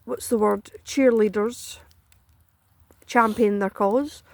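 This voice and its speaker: A woman's voice: medium pitch, fairly even intonation, slow pace, creaky, darkish tone, dry recording. A Scottish woman ranting bluntly and profanely in a casual chat, dry and close to the mic. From Scotland. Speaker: political commentator.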